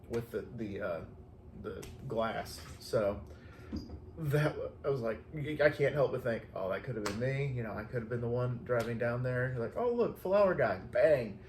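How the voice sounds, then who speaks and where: A man with a mid-range voice is heard in a reverberant space with slight background noise. He's a flower delivery driver casually telling stories from his day, chatty, laughing often and acting out the voices he quotes.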